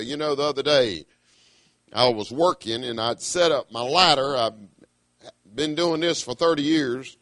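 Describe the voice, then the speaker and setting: A middle-aged man, preaching a sermon emphatically, breaking into high cries of hallelujah. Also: bright, forceful tone, no room sound. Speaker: pastor.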